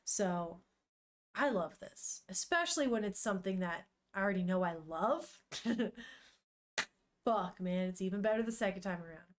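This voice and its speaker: Young woman streamer reading manga out loud, animated, swears a lot, laughs a lot. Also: medium pitch, normal speed. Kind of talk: casual live-stream chat and reading.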